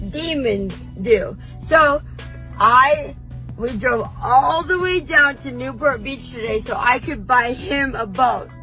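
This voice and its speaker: A woman delivering a comedic confessional rant, brash, defiant and oversharing, with breathy laughs breaking in between lines. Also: high voice, sharp tone, low-quality recording. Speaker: vlogger.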